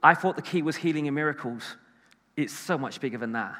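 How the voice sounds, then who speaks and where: Man, preacher, sermon, bright forceful tone, animated, echoey large hall. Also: a little high, brisk. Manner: animated, emphatic, swings between loud and hushed.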